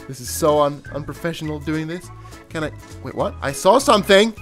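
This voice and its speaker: An excitable man runs through casual gameplay commentary full of jokes and freely dropped swear words. His voice sits high and swings widely in pitch. Soft music plays underneath. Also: fairly quick. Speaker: gaming YouTuber.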